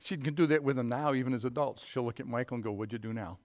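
A middle-aged man preaching a sermon, telling folksy stories before reading scripture in a loud, emphatic voice. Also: mid-range voice, fairly even intonation, rapid-fire. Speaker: pastor.

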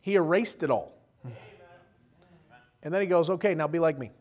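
A preacher with a high, ringing voice delivers an impassioned sermon. He drops to quiet asides, then builds to loud calls, and plays out other people's voices as he goes. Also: moderate pace. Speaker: pastor.

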